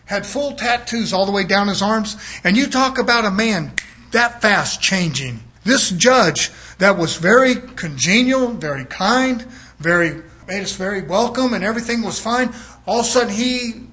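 High-voiced man preaching emphatically. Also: fairly bright tone. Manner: emphatic and folksy, prodding listeners with rhetorical questions. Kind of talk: sermon.

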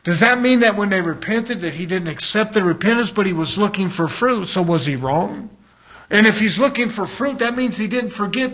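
A man's voice: high-pitched, sharp tone. A man preaching a sermon as a pastor, in a conversational way, often acting out the voices of people he quotes.

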